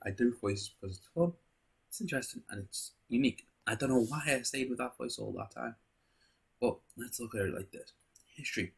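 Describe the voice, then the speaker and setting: A man's voice: mid-range voice, creaky, slightly rough. A man hosting a video, musing aloud to his viewers in a philosophical monologue full of rhetorical questions. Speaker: video host.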